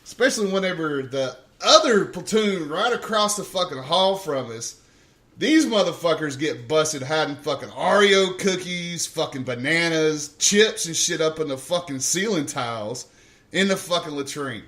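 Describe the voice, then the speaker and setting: A man's voice: a little high, lively intonation, normal speed, a bit bright. A man, a podcast co-host and army veteran, telling rowdy stories in casual chat, swearing and laughing as he talks. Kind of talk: casual storytelling.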